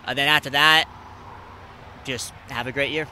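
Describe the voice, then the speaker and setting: A man in his twenties hosting a podcast, telling stories in casual chat, animated and swearing freely, acting out the people he quotes. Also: normal speed, a little hiss or hum. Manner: animated, acts out quoted people with big jumps in pitch and loudness. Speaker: podcast host.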